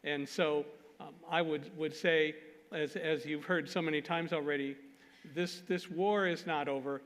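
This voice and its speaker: A man's voice: on the high side, a little slow. A man speaking at a conference, telling a story with self-deprecating jokes. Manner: animated, self-deprecating jokes, laughs at himself. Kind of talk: storytelling talk. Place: conference hall. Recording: long hall reverb.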